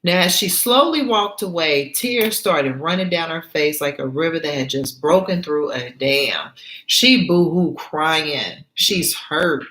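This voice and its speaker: Slow, emphatic woman reading and commenting. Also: low voice, lively intonation, a bit bright, roomy sound, low-quality recording. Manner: emphatic, repeats points, asks listener to see. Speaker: author reading her story. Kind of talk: story reading with life commentary.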